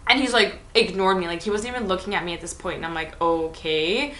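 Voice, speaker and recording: A woman's voice: lowish voice, fairly quick, a bit bright, roomy sound. A young woman chatting animatedly through a storytime vlog, full of fillers and acted-out dialogue. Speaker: vlogger.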